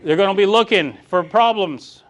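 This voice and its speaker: A man's voice: high voice, normal speed. A man leading a live real estate coaching session, joking and calling on the audience. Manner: animated, joking, calls on audience.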